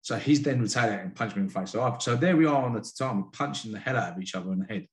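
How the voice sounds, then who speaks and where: A man's voice: lowish voice, expressive. A man from the UK, a karate sensei and boxing coach, telling stories frankly and earnestly as a podcast guest. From United Kingdom. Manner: frank, earnest, quick to admit feelings. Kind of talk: candid storytelling in a podcast interview.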